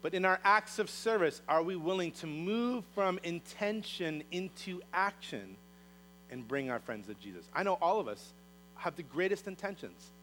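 A man preaching a sermon, telling a story in a lively way and acting out the characters' lines in voices. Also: high voice, moderate pace, slight background noise, poor audio. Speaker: pastor.

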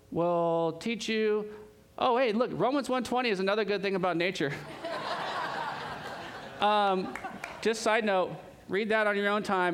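Lively, high-voiced male pastor preaching. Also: slight background noise. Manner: animated storytelling, laughs and asides. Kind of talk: sermon.

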